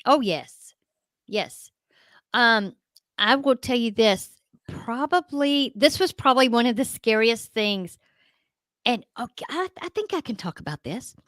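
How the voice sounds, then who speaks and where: A middle-aged woman, a ghost hunter guest telling an emphatic, animated story in a radio interview. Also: a little high, unhurried, no echo.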